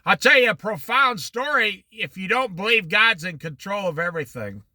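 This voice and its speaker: Man, middle-aged, Bible study teacher, very lively pitch, dry close sound. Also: moderate pace, dry recording. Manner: animated storytelling with quoted voices.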